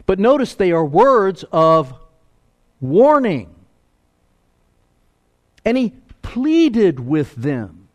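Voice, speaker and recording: A man preaching a sermon, swinging between loud emphatic lines and hushed, low asides. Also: sing-song, drawn-out words, long pauses. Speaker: pastor.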